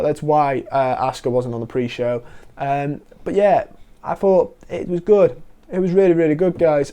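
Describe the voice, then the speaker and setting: A man giving a casual, animated wrestling review as host, quoting wrestlers in quick asides. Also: fairly high pitch, clean tone.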